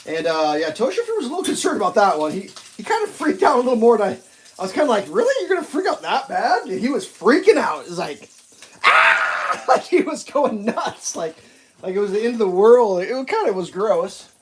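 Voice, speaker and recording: Man, high voice, rambling, animated storyteller, cooking breakfast, faint clicks behind. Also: a little fast, background noise. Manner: rambling, animated, laughs at his own stories. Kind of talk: casual storytelling while cooking.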